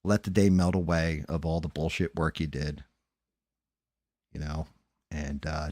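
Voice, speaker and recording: A man's voice: low voice, warm tone, no room sound, studio quality. A man hosting a late-night livestream, chatting loosely with frequent swearing and thanking viewers by name. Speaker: livestream host.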